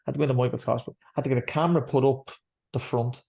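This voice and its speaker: Fast-talking gravelly Irish man. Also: medium pitch, fairly even intonation, darkish tone. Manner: blunt, swears freely, quick rambling delivery. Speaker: boxer, guest. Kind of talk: candid interview storytelling. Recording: slightly dull lo-fi sound.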